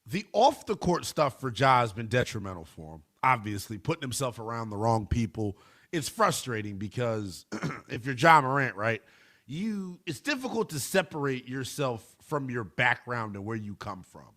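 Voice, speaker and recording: Animated male sports radio host. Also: mid-range voice, moderate pace. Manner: animated, emphatic, talks to listeners as brother. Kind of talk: call-in sports radio talk. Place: radio studio.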